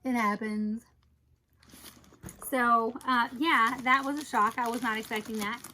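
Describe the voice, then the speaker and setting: A woman with a high, bright voice walks through her bag collection in a casual review vlog, speaking chattily and unhurriedly in a steady tone. She gushes, teases, and drops playful asides and sudden surprised exclamations, over poor audio with slight background noise.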